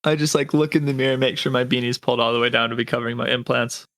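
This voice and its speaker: A man's voice: medium pitch, steady tone, rapid-fire, a bit bright, no room sound. A man playing a tabletop game, asking questions and describing what his character does. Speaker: player. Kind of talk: tabletop role-play chat.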